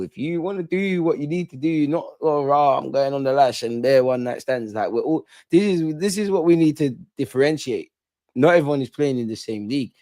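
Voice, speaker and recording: Young man, slangy and joking, laid-back group banter, mid-pitched voice, dry close mic. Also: darkish tone, no echo. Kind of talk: casual banter among friends.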